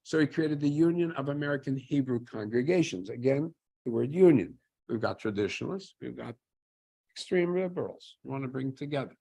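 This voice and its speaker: A man's voice: medium pitch, lively intonation, brisk, gravelly, mellow, slightly rough. A man giving an informal history lecture in a conversational way, asking himself questions and answering them with dry humor.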